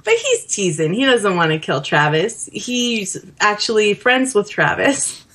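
A woman co-hosting a casual podcast chat about a video game, animated and laughing often, acting out characters. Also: mid-range voice, unhurried. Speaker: podcast co-host.

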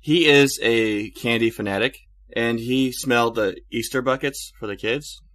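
A man hosting a casual gaming podcast, amused and unhurried, steering the talk. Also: mid-range voice, a bit bright, no room sound. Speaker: podcast host.

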